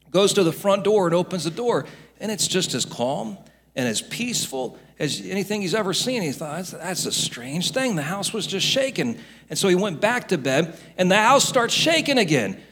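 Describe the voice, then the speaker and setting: A middle-aged male pastor preaching a sermon, with storytelling that builds into loud, emphatic rebukes. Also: fairly high pitch, husky.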